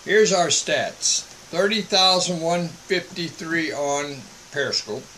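A man's voice: on the high side, sharp tone, a little hiss or hum, poor audio. A man, a missionary broadcasting a casual monologue from home and checking in with "all right?". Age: 70s. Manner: slow, folksy, repeats "all right?".

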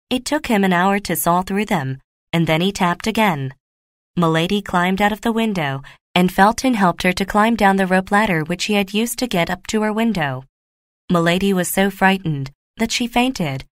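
A woman narrating a graded reader audiobook in a clear, steady, measured way. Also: medium pitch, no room sound, clean studio sound.

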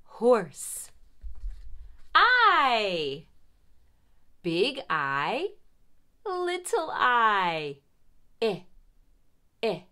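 Woman preschool teacher, high voice, bright tone, slow sing-song delivery, children's lesson. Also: wildly swooping pitch.

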